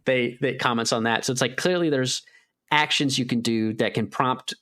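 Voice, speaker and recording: A man's voice: mid-range voice, normal speed, sharp tone. Rambling man on a gaming podcast. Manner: rambling, lots of "like", acts out his own reactions in a raised voice. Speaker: podcast co-host. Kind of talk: casual gaming chat.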